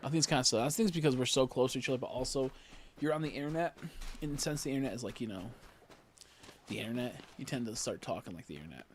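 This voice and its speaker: A man's voice: mid-range voice, fast talker, slight background noise. Rambling male streamer, mid voice. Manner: rambling, joking, heavy filler words. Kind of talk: casual live-stream chat.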